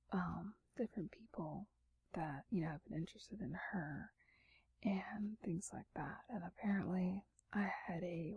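Sleepy woman in breathy whispered role-play. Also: fairly low pitch, mellow, no room sound. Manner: rambling sleepy whispered chat. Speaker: podcast host.

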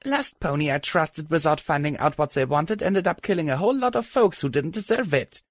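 A man reading an audiobook, voicing a wounded young unicorn mare who rasps and stays defiant. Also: a little high, animated, a little fast, dry recording, pitched above the performer's own voice. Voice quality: rasping.

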